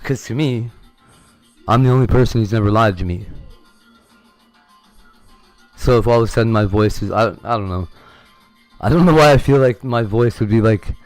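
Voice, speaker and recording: A man's voice: medium pitch, moderate pace, long pauses, no echo, faint music behind. A man chatting casually on a livestream, rambling and candid, swearing freely. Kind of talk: casual chat.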